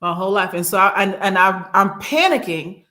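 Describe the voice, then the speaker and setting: A woman recounting a personal trip in casual podcast chat, animated and acting out what others said, on a studio microphone. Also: medium pitch, normal speed. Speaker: regular co-host and guest.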